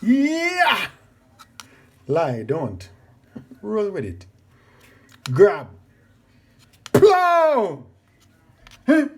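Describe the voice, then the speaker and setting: Animated woman reading aloud. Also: mid-range voice, drawn-out words, pauses often, slightly rough. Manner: animated, shouting sound effects and voices. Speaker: reader. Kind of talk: dramatic storybook reading with sound effects.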